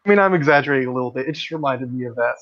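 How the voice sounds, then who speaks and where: A man's voice: medium pitch, very fast, fairly bright tone, dull audio. A man hosting a casual livestream discussion, speaking bluntly and with strong opinions as he reads out comments from the chat. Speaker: livestream host.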